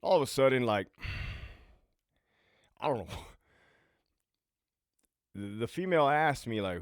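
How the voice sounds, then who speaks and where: A man's voice: mid-range voice, expressive, takes it slowly, pauses often, clean tone, no echo, clean studio sound. A man in his late thirties from Southern California, telling rambling, profane stories from his own life in a casual way. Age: late 30s. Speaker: channel host and ex-prison guard.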